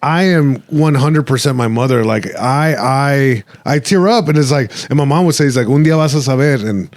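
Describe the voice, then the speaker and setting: A man's voice: mid-range voice, moderate pace, darkish tone, no room sound, studio quality. A man hosting a podcast, talking reflectively in casual chat with many fillers and restarts, slipping into Spanish phrases. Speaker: podcast host.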